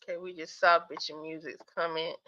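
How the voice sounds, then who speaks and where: A sleepy woman hosts a relaxed livestream and reads out viewer comments between bursts of laughter. Her voice sounds bright, and the stream audio comes through dull and lo-fi. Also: deep voice, a little fast. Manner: chatty, laughs often, talks straight to viewers. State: sleepy, yawning. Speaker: livestream host. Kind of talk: casual livestream chat reading viewer comments.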